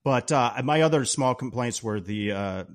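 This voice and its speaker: Podcast guy getting all worked up, cussing a lot, normal mid pitch. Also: moderate pace. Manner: excitable, swears freely. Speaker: podcast co-host. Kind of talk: casual film chat.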